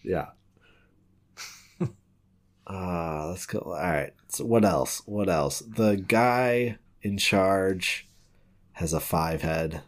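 A man's voice: low voice, drawn-out words, long pauses. A man co-hosting a casual podcast chat, rambling with restarts and frequent laughs. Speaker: podcast co-host.

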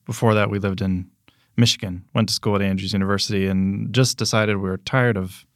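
A young man from Pennsylvania speaking as a podcast guest in a low-ish voice. He talks plainly and steadily in casual interview style. The sound is dry and close. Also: fairly even intonation, brisk, dry recording.

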